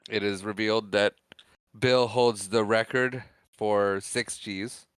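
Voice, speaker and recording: A man co-hosting a podcast, casually recapping a movie scene by scene and acting out lines in quick quoted voices, laughing often. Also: fairly low pitch, steady tone, a bit bright, clear, resonant tone, no room sound. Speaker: podcast co-host.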